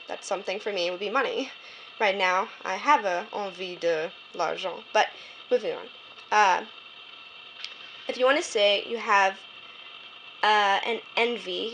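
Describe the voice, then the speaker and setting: A woman gives a homemade French lesson, walking through each grammar point step by step and slowing down to spell out the example phrases. She often stops to correct herself, with a steady hum of background noise under the recording. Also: mid-range voice, highs cut off. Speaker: French tutor.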